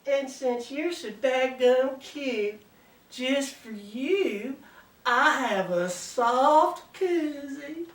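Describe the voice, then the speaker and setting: A man's voice: very high voice, lively intonation, very slow, a bit bright, slight background noise, exaggerated voice. A man putting on a coy Southern belle. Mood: flirty. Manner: coy, drawling, sugary. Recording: roomy sound from a distant mic.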